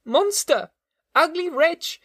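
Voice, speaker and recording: Panicked small boy, very high and shrill, screaming. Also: expressive, slow, a bit bright, no echo, studio quality, heavily acted. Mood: terrified, shrill. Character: terrified little boy, shrieking and defiant.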